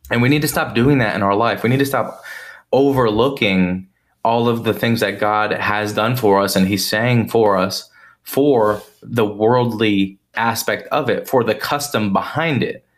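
Low-voiced man teaching scripture. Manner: conversational, asks "right?" often. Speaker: podcast host teaching scripture. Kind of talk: informal bible teaching.

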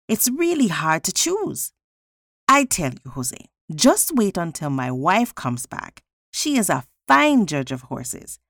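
A woman voicing a proud, boastful small-town male judge, reading aloud in a slow, lively storytelling voice. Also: on the high side, dry recording, clean studio sound, exaggerated voice. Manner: pompous, self-satisfied.

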